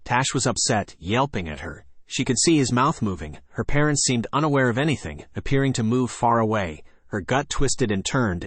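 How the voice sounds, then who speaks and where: A man reading a story aloud as an audiobook narrator, in an even, unhurried way. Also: medium pitch, no room sound.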